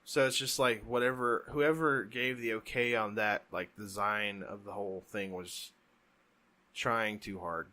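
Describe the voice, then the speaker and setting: A man co-hosting a casual podcast, talking in a halting, rambling way with many restarts. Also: on the low side, fairly even intonation, bright, forceful tone. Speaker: podcast co-host. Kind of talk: casual chat. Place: home, during a thunderstorm.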